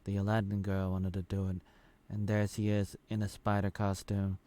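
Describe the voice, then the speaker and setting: A man's voice: fairly low pitch, monotone, moderate pace, mellow. A man giving a casual spoken recap of a show's episodes, rambling loosely and restarting his sentences often. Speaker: show reviewer.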